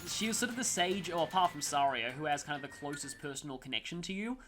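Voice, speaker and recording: Lively, rambling let's-play commentator. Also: medium pitch, fast, few pauses. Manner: rambling, chatty, with gaming trivia digressions. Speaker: gameplay commentator. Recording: game music playing under voice. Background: game music.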